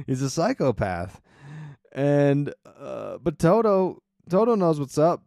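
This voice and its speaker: A man hosting a podcast, retelling a story in a casual, colloquial way with wry asides and quick restarts. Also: on the high side, very animated, creaky, a little mellow, dry recording, studio quality. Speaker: podcast host.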